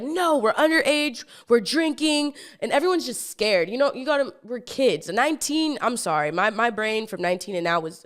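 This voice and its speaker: A woman's voice: mid-range voice, clean tone. A young woman in her twenties hosting a podcast, telling a wild personal story in a casual, rambling way, full of stumbles, restarts and fillers, acting out what people said. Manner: animated, acts out what people said. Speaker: podcast host.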